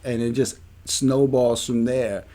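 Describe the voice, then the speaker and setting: A man, a podcast co-host telling a story in a casual, animated and profane way. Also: mid-range voice, slow pace.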